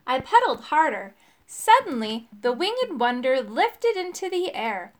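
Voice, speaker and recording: Lady reading a kids story out loud, bouncy high voice, does the voices. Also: slow pace. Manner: lively, voices each character. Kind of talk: storybook read-aloud.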